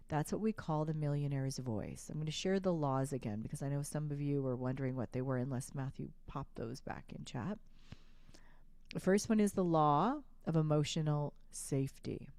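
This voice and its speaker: A woman's voice: low voice, animated, normal speed, dark tone, dry recording. A woman hosting a live online sales coaching session, speaking emphatically, repeating slogans and asking viewers to respond in chat. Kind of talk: live-streamed coaching talk.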